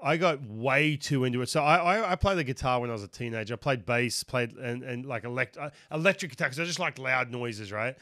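This podcast host, a man with an Australian accent, talks fast and animatedly in a casual interview, his medium-pitched voice pushed and bright with hardly any pauses. He restarts often and uses many fillers. The recording is studio quality, with no echo.

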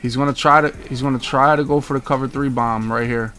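A man's voice: mid-range voice, fairly even intonation, brisk, sharp tone, soft background music. A young man streaming a football video game, giving hyped, trash-talking live commentary to his chat and repeating himself as he plays. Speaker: gaming streamer.

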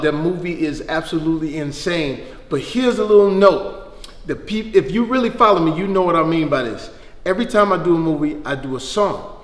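A man tells a lively, slang-filled story straight to the camera in a fairly high voice. The sound bounces around an echoey space with a long reverb tail. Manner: animated, hypey, slangy storytelling. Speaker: actor promoting a song.

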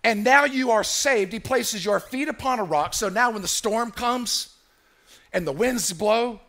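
A man's voice: sits high, gravelly, bright, forceful tone. A man preaching a sermon as pastor in a church, emphatic and repetitive, calling on the congregation to answer him.

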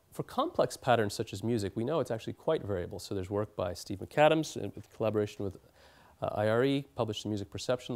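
A man's voice: lowish voice, a little mellow. A man giving an academic lecture in a hall, explaining at length with fillers and restarts.

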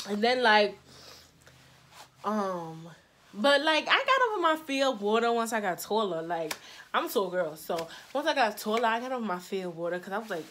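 A young adult woman vlogger telling stories in casual, slangy chat, acting out the quotes with lively energy. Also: medium pitch, a little hiss or hum. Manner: slangy and animated, acts out quotes.

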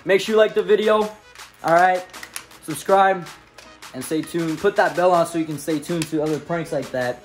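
A man's voice: on the high side, normal speed, faint music behind. A young man hosting a prank vlog, talking in a hyped, sing-song way to the camera. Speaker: prank video host.

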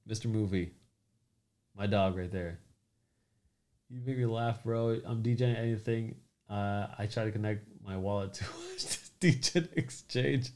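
Creaky-voiced man hosting a chatty stream. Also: on the low side, a little slow, darkish tone. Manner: loose, joking, greets commenters by name. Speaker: crypto livestream host. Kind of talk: casual livestream chat reading comments.

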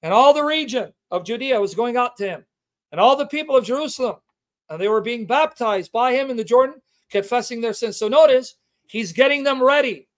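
Male livestream host, very high pitch, emphatic scripture teacher who repeats his points. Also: lively intonation. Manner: emphatic, repeats key words to drive the point home; reads scripture aloud with slow stressed delivery.

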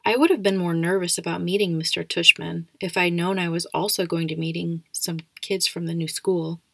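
Casting: female audiobook reader, steady, slight vocal fry. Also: lowish voice, normal speed, no echo. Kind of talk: storybook narration.

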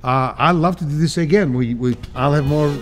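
A man in his sixties from Cyprus, telling stories as a guest in a casual interview, animated and laughing often. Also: fairly high pitch, brisk. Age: 60s.

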